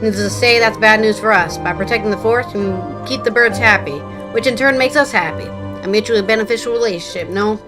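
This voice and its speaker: A woman's voice: medium pitch, quick pace, hardly any pauses, over music, lightly acted. A woman voicing a genial forest warden from a game, reading quest dialogue aloud in a dry, plain way. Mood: wry.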